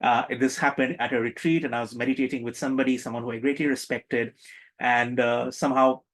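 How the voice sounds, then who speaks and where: A man's voice: medium pitch, fairly even intonation, fairly quick, fairly bright tone, low-quality recording. A man teaching a spiritual workshop, joking, stressing his points hard and getting the audience to join in. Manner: playful, joking, emphatic, engages the audience. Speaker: meditation workshop instructor. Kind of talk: interactive spiritual workshop talk.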